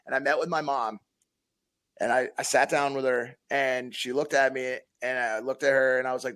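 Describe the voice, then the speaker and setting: A man's voice: mid-range voice, steady tone, brisk, sharp tone. A man in his thirties from Connecticut, a podcast guest telling a long personal story, blunt and swearing often, with many restarts. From Connecticut, USA. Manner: blunt, heavy swearing, frequent repeats.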